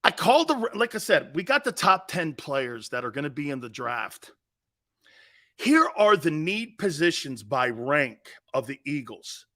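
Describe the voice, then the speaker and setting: A man's voice: a little high, very animated, a little slow, bright, forceful tone. A man hosting a sports talk show, blunt and brash, trash-talking callers and hammering his points home with a repeated "Okay?".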